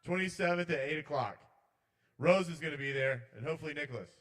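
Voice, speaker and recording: A man doing a rambling, swearing stand-up set at an open mic in a small bar. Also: quick pace. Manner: rambling, swearing, shouts the intrusive voices loud and high. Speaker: comedian.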